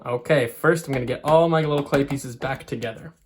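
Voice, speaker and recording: A man's voice: mid-range voice, a little fast, slight background noise. A man art teacher talking children through a clay craft, step by step. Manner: friendly, step-by-step instruction.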